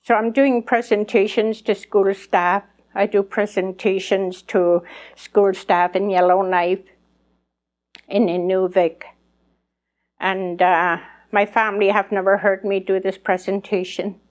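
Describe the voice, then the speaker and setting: A woman's voice: mid-range voice, level tone, a little slow. An older woman, an elder speaking at a conference, telling her life story in earnest and acting out remembered conversations. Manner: earnest, acts out remembered dialogue. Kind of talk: personal storytelling testimony.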